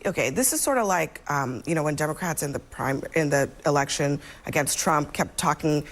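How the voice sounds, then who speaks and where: Low-voiced woman news anchor. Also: normal speed. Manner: conversational, direct. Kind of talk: cable news panel moderation.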